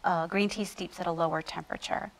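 A woman with a fairly low voice talks through how to make tea. She chats easily and explains things step by step, as a guest in a casual interview. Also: steady tone, quick pace, rough recording. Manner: chatty, explanatory. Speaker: tea business owner, guest.

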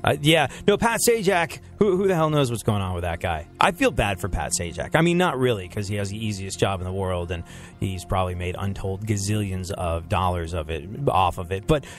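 A man's voice: low voice, animated, brisk, faint music behind. A man hosting a casual comedy podcast, rambling through stories with frequent laughs and restarts. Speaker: podcast host.

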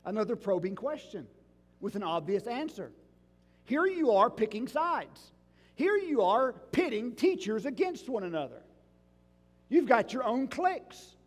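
A male pastor with a strikingly high, lively voice preaches slowly and deliberately, pressing his congregation with rhetorical questions. His voice rings out with a long reverb from the sanctuary. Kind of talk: sermon.

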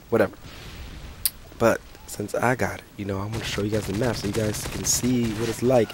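A young man with a sick, hoarse voice, ranting and swearing through casual gameplay commentary. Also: lowish voice, steady tone, a little fast, a little mellow, slight background noise. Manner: profane, ranting, frustrated. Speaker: gaming channel host.

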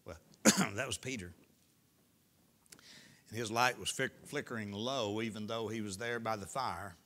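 A middle-aged male pastor preaching a sermon in a folksy storytelling way, rising to loud peaks and dropping to hushed lines. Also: fairly low pitch, unhurried. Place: church sanctuary.

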